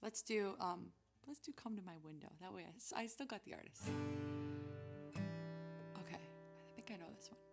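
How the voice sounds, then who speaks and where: A woman's voice: medium pitch, lively intonation, moderate pace, vocal fry, pauses often. A young woman hosting a weekly music stream, chatting casually and giggling as she thinks aloud between songs.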